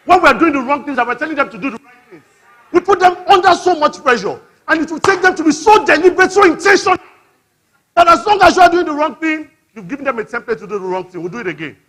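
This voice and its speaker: Nigerian male conference preacher; very high, sharp tone; playful, call-and-response delivery. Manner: lively, teasing, calls out to the audience. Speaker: conference speaker. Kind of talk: interactive family-life sermon. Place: church conference hall.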